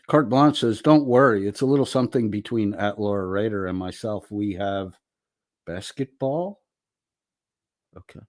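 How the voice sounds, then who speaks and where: A deep-voiced man hosts a livestream, reading viewers' comments aloud and tossing in profane, wisecracking asides. The recording is dry and of studio quality.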